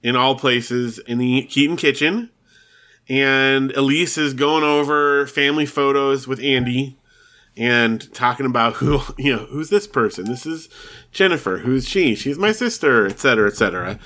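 A man's voice: mid-range voice, normal speed, sharp tone. A man co-hosting a podcast, casually recapping a TV episode, laughing often and acting out the characters' lines. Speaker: podcast co-host.

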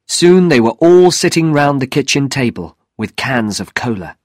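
A man narrating a graded reader story in a slow, clear, deliberate way. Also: medium pitch, very animated, no echo, studio quality.

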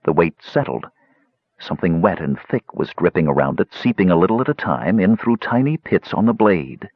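A man narrating a fantasy audiobook in a measured, expressive reading style. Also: low voice, slightly rough, no echo. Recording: dry, dull lo-fi recording.

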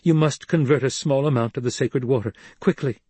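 A man's voice: mid-range voice, brisk, darkish tone, breathy edge, no echo, voice pushed up, lightly acted. A man voicing a young, firm desert woman with a commanding tone, in an audiobook reading.

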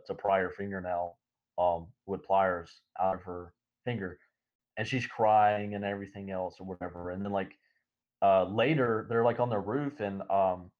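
Co-host, male, lower voice, talks in loose rambling runs padded with ums, muffled lo-fi recording. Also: darkish tone. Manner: rambling, halting, many fillers. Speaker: podcast co-host. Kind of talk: casual discussion. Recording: dull lo-fi audio.

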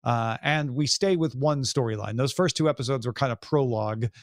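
A man hosting a casual talk show, leading the discussion with quick asides and questions to his co-hosts. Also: medium pitch, no echo, clean studio sound. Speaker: podcast host. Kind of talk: casual chat.

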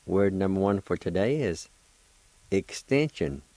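A low-pitched, warm-toned man speaks in an animated way while teaching a radio language lesson. He deliberately repeats each word and spells it letter by letter, captured in a dry recording with poor audio.

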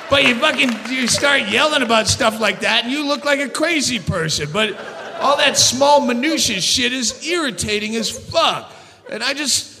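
A male stand-up comedian doing a profane, angry ranting routine on a live stage, often shouting. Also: extremely high pitch, lively intonation, moderate pace, a crowd in the background, noisy background. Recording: live show with hall reverb and audience.

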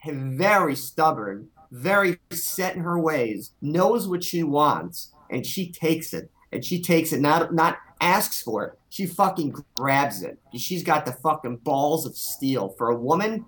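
A man's voice: a little high, animated, unhurried, hardly any pauses, fairly bright tone. A man chatting casually, crude and emphatic, stretching out words for weight. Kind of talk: casual chat.

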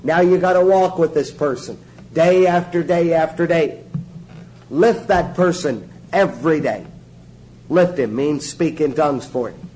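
Guy preaching to a little group, kinda high mellow voice, jokey and emphatic, faint hiss behind. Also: measured pace, poor audio. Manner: emphatic, joking, repeats instructions. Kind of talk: sermon-style teaching.

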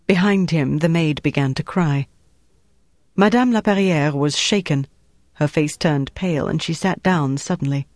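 A man narrates a wartime thriller in a steady, measured storytelling voice. His voice sits a little high for a man, and the close recording is dry, with no room sound. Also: dry recording. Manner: measured, even storytelling delivery. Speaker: audiobook narrator. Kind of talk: scripted narration.

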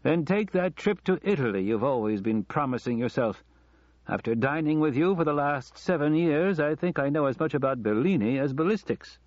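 A man's voice: on the high side, expressive, normal speed, a little mellow, no room sound, voice pushed up, close to an everyday voice. A man voicing a dry, teasing male deputy director with an air of authority, in a dull lo-fi audiobook recording. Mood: wry. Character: gruff cigar-smoking male deputy director.

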